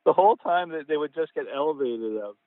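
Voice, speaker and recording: A man's voice: fairly high pitch, animated, brisk, no room sound. A man from Ontario is a guest author telling family anecdotes in a loose, conversational way. He bursts into acted-out lines of dialogue. His voice comes through a narrow, phone-like line with no room sound. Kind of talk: casual conversational storytelling. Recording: tinny phone line, dry.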